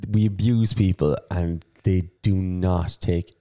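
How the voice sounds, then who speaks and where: Very deep-voiced man chatting. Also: fairly even intonation, slow pace, mellow. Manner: banter-heavy storyteller, acts out quotes. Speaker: podcast co-host and pub quiz host. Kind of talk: casual chat.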